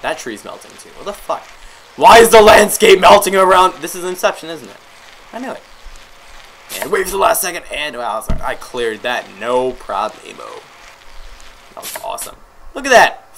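A man giving excitable, joking gameplay commentary, swearing and yelling at the game. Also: medium pitch, normal speed, creaky, long pauses, rough recording. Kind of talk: let's play commentary.

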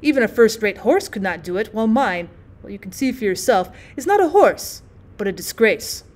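A woman's voice: mid-range voice, big pitch swings, normal speed, darkish tone, close to an everyday voice. A woman reading the part of an anxious old peasant turner who mutters, pleads and rambles. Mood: pleading. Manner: pleading, rambling, self-pitying.

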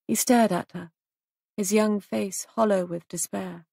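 A woman narrating an audiobook in a measured, even storytelling manner. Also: mid-range voice, vocal fry, dry recording, studio quality.

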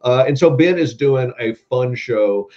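A man's voice: medium pitch, lively intonation, measured pace, a little mellow. A man hosting an online talk show, chatty and upbeat with many fillers. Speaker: host. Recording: dull lo-fi audio.

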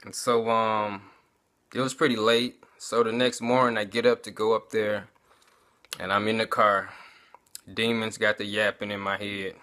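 A man tells his testimony in a relaxed, conversational way, often calling out to his listeners as y'all. His voice is bright and forward, set at an average pitch for a man. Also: measured pace. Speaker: vlogger giving a testimony. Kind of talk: casual personal testimony.

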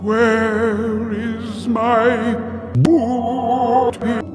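A man voicing the groaning, bloodied ghost of a king, drawing out each word in a slow moan. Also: very high voice, flat delivery, echoey room, long reverb tail, pitched above the performer's own voice, full character voice. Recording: music playing behind.

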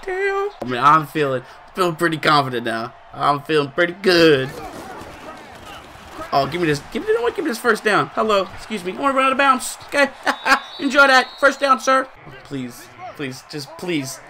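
Young male streamer, high lively voice, mutters then yells during play. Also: moderate pace, slight background noise. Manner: swings between mutters and loud shouting. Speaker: gaming streamer. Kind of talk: excited live gameplay commentary.

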